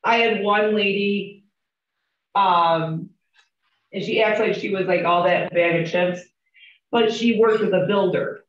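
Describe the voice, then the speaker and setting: A woman teaching real estate agents in a group training room speaks at medium pitch, unhurriedly, with long pauses. Chatty and candid, she tells stories and asks the class questions. The recording is distant, roomy, and dull, typical of a classroom.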